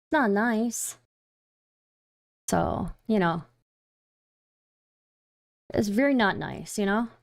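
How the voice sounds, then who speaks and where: A woman's voice: medium pitch, lively intonation, takes it slowly, gravelly, long pauses, no room sound, clean studio sound. A woman hosting a live stream, giving rambling, incredulous casual commentary with lots of fillers. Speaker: streamer host.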